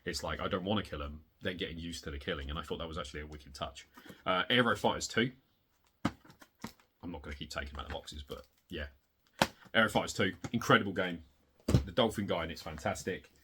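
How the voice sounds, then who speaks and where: A man showing off his retro game collection in a casual, rambling way, excitable and swearing, getting worked up in rants, hot and sweaty. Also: brisk, background noise. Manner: excitable, swearing, rants with big pitch jumps. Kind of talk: casual rambling show-and-tell.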